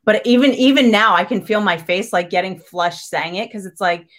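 A woman who works as a trainer and coach, speaking as a podcast guest in an animated, chatty way full of "like" and restarts. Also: mid-range voice, moderate pace. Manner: animated, filler-heavy talk with frequent "like" and restarts. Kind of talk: casual interview conversation.

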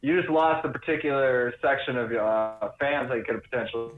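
A man from Minnesota chatting with friends, halting and repeating words. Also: medium pitch, faint music behind. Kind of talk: casual group chat. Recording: echoey phone-like sound.

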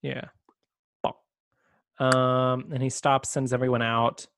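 A man's voice: medium pitch, flat delivery, takes it slowly, fairly bright tone. A man co-hosting a podcast, casually recapping a TV episode and acting out the characters' lines as he goes. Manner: chatty, retells scenes by acting out quotes. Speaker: podcast co-host.

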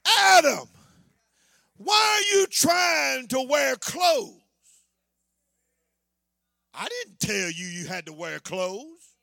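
A preacher voicing God, gently chiding. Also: male voice, very high-pitched, big pitch swings, drawn-out words, creaky, pauses often, dry recording, clean studio sound, full character voice. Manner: teasing, mock-surprised questioning. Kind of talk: sermon illustration.

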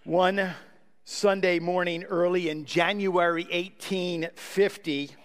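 A man's voice: sits high, steady tone, slow, fairly bright tone. A man preaching a sermon as pastor, praying earnestly and then telling a story. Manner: earnest, prayerful. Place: church sanctuary. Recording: long hall reverb.

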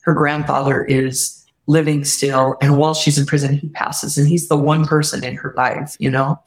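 A woman guest telling a personal story earnestly, often quoting what others said, and reflecting warmly on faith. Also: low voice, level tone, moderate pace. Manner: earnest, heartfelt retelling with quoted dialogue; warm spiritual reflection. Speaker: podcast guest.

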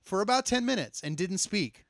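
Man, higher voice with a lot of swing, animated and laughing, dry sound. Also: moderate pace, dry recording. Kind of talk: casual chat.

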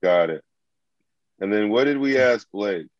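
A man's voice: lowish voice, animated, measured pace, dry recording, lo-fi sound. A man leading a casual group game chat, loose and swearing, explaining his points at length.

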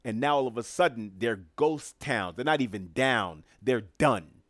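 A man's voice: medium pitch, expressive, a little slow, fairly bright tone, no echo, studio quality. A man giving opinionated solo commentary as a podcast host, emphatic and sarcastic, repeating his phrases for effect.

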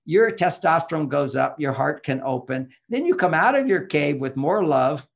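A man's voice: fairly high pitch, animated, normal speed, vocal fry. A man explaining relationship advice in an interview, emphatic and teacherly, pushing his voice up on key points.

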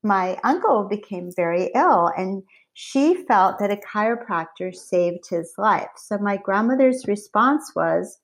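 Middle-aged woman, guest storyteller, animated and warm, medium pitch. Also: a little slow, few pauses. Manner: lively, animated storyteller with laughs. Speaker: company founder, guest. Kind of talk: conversational storytelling.

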